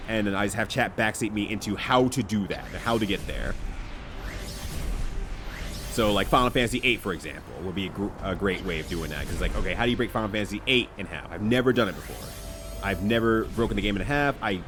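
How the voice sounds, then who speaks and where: A man's voice: fairly low pitch, a bit bright. A man streaming live, chatting casually while he plays, rambling along and correcting himself as he goes.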